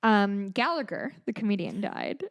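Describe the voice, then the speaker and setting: A woman in her thirties co-hosts a podcast in loose, easy conversation. She rambles from point to point, drops in a swear word, and keeps undercutting herself. Her voice sits at an ordinary middle pitch. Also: huge pitch swings, normal speed, vocal fry. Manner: rambling and chatty, with swearing and self-deprecating asides. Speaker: podcast co-host. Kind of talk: casual chat.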